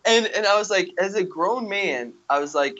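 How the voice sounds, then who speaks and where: A man in his twenties co-hosting a podcast, telling stories in casual chat, animated and laughing often. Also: sits high, moderate pace, muffled recording, a crowd in the background. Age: 20s. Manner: animated storyteller, laughs often, says "dude" and "yo". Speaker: podcast co-host.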